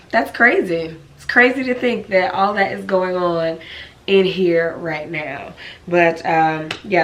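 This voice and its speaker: A woman vlogger chatting casually to camera, hoarse and raspy from a cold, easily out of breath, talking in a friendly way full of likes and ums. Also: lowish voice, fairly bright tone, a little hiss or hum.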